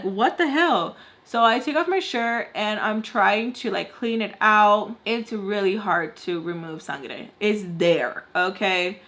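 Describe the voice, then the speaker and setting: A young woman vlogger telling a storytime while doing her makeup, rambling with lots of "like" fillers and dropping in Spanish words. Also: a little high. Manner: rambling, heavy "like" fillers, animated retelling. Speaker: beauty vlogger.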